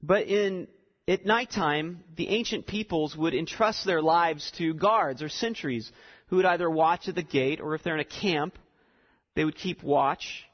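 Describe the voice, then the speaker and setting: A man's voice: a little high, a little slow. A man preaching a sermon, explaining a text and building to emphatic repeated lines. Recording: dull sound with long reverb in a hall.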